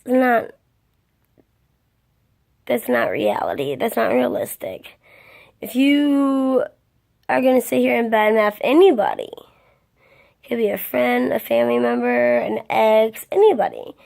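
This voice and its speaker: A female vlogger in her twenties rants straight to camera in a monologue, blunt and venting with heavy swearing. Her slightly high voice carries a gravelly fry and is a little mellow, at a measured pace. She sounds tired and keeps yawning between points.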